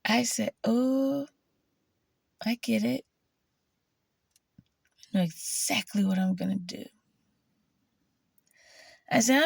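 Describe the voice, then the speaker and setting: Profane, gravelly woman telling stories. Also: takes it slowly, pauses often, no echo. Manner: profane, animated, quoting herself in a higher voice. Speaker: vlogger. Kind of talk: casual storytelling monologue.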